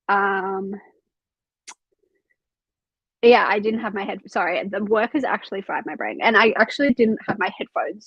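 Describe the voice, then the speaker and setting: A woman's voice: mid-range voice, fairly bright tone, no room sound, highs cut off. A young woman hosting a casual reading livestream from home, chatting loosely, swearing freely and reading out chat comments. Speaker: livestream host of a reading sprint.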